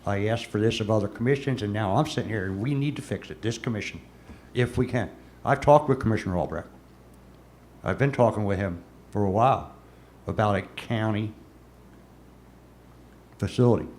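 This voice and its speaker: A man's voice: fairly low pitch, normal speed, long pauses, a little mellow, a little hiss or hum. Emphatic New man at a council meeting. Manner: emphatic, repeats words when pressing a point. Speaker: city commissioner.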